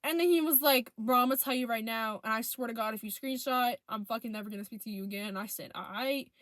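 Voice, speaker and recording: A woman's voice: on the high side, fast talker, no echo, studio quality. Profane young woman telling a story. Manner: profane, animated retelling of texts. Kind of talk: casual storytime vlog.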